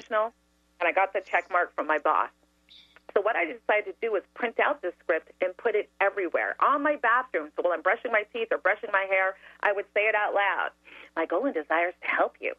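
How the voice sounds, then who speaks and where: A woman telling a story as a talk show guest, animated and laughing often. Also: medium pitch, fast, no room sound. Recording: dry tinny phone line.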